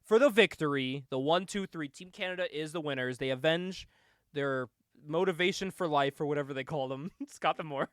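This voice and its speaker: A man's voice: fairly high pitch, moderate pace, dry recording, clean studio sound. A man co-hosting a podcast, casually recapping a wrestling show, laughing often, swearing and acting out quotes. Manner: giggly, swears a lot, acts out quotes. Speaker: podcast co-host.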